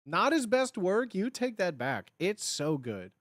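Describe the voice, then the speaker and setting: A streamer in their thirties from the Chicago area, chatting casually at home in a rambling way with sudden excited bursts. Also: a little slow, no echo, clean studio sound. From Chicago area, United States. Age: 30s. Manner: animated, with sudden high bursts when acting out cheering; rambling, many fillers and restarts. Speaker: livestream host. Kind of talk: casual livestream chat.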